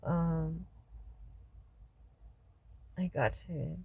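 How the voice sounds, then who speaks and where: A distraught woman rants in a raw, profane personal vlog, crying as she talks. Her voice sits a little low for a woman and often drops to a hushed, heavy murmur. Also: very slow, vocal fry, husky, muffled recording. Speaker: local resident venting after a city meeting. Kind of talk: emotional personal vlog rant.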